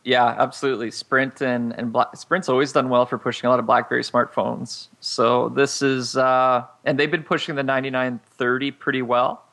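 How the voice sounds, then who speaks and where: A man's voice: mid-range voice, flat delivery, moderate pace, few pauses, sharp tone. A man chatting casually as a regular panelist on a tech podcast, thinking aloud and hedging with fillers.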